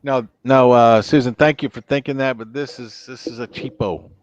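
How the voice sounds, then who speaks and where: A man's voice: medium pitch, fairly even intonation, normal speed, no room sound, muffled recording. A man hosting a casual livestream who rambles playfully between impressions. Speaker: livestream host. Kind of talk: casual chat. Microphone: lapel mic.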